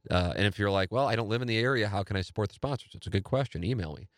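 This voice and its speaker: A man with a St. hosts his own podcast, talking on his own in a loose, rambling way. He sounds eager and pokes fun at himself. His voice sits a little low, recorded close and dry with no room sound. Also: racing, no room sound. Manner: rambling, enthusiastic, self-deprecating. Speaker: podcast host. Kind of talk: casual solo podcast talk.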